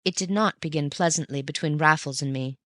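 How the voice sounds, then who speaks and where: An audiobook narrator telling a classic story at a measured, even pace. The pitch sits in the middle. The voice is dry and close, with no echo. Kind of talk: scripted narration of a classic novel.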